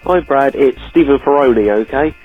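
Dry guy leaving a voicemail, tinny phone sound, mid pitch. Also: moderate pace, breathy edge, soft background music.

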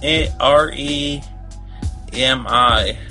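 A man's voice: medium pitch, drawn-out words, bright, forceful tone, soft background music. A man with a Southern US accent, hosting a prank call show with brash, crude jokes. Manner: brash, joking, laughs often. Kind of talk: crude comedic banter.

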